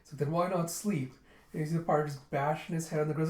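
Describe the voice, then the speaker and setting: A man's voice: fairly high pitch, steady tone, fast. A man casually retelling a comic during a readthrough, with offhand asides. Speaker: manga reviewer. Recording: roomy echo.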